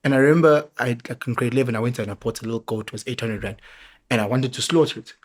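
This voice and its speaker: A middle-aged man with a South African accent, telling animated parenting stories in a casual podcast chat. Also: mid-range voice, racing. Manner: animated storyteller, mixes local words into his talk. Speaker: father sharing parenting stories.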